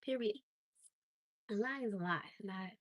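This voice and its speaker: A woman's voice: mid-range voice, a little slow, no room sound. Blunt, exasperated woman ranting on a livestream. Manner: blunt, exasperated, emphatic with rising disbelief. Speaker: livestream host. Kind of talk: casual livestream rant.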